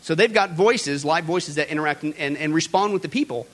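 A man's voice: a little high, brisk. A male host giving emphatic, preaching commentary and often addressing his audience directly. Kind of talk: preaching commentary on current events.

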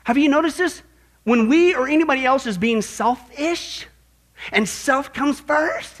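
A man's voice: very high voice, lively intonation, normal speed, a bit bright. A man preaching a sermon as pastor, emphatic and jokey, often checking in with his listeners by asking "right?".

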